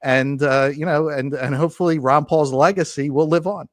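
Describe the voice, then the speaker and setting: Earnest man, a bit high-pitched. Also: steady tone, normal speed, no room sound, studio quality. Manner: earnest, impassioned argument. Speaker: podcast guest. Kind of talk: casual conversational interview.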